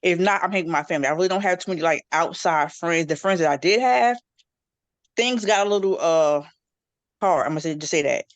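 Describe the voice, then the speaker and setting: A middle-aged woman chatting casually in a group discussion, telling stories with lively quoted voices. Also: a little fast, no room sound. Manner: animated storytelling, jumps into high-pitched quoted voices. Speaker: panel guest. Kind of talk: casual chat.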